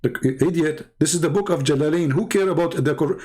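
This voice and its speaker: Combative man, rather high voice. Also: darkish tone. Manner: mocking, argumentative, rapid-fire rhetorical questions. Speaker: livestream debate host. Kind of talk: combative livestream commentary.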